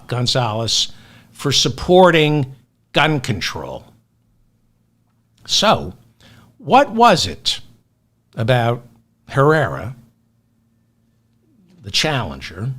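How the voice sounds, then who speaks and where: Male commentary host, sardonic and indignant, slow measured pace with an expressive, wide-ranging pitch. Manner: sardonic, indignant, with long pauses. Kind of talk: solo news commentary.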